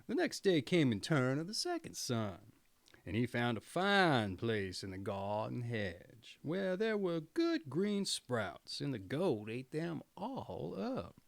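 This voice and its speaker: Male storyteller, fairy tale read-aloud, very lively pitch, unhurried. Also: vocal fry, dry recording. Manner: expressive, theatrical. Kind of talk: storybook reading.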